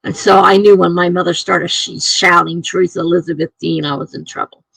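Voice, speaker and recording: Woman live streamer, husky, dry close sound, casual rambling chat. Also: on the low side, fairly even intonation, normal speed, a bit bright, no echo, rough recording. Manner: rambling, chuckling, chatty. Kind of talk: casual chat reading viewer comments.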